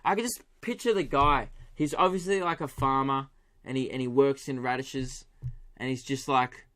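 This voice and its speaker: A man's voice: mid-range voice, normal speed, a bit bright. A young man hosting his own comedy podcast, ranting through a story with swearing, laughs and put-on voices. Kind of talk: solo comedy podcast rant.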